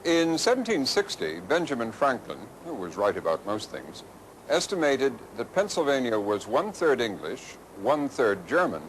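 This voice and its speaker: A man giving scripted narration for a documentary in a measured, expressive way. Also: mid-range voice, poor audio. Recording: archival 1980s documentary with noise.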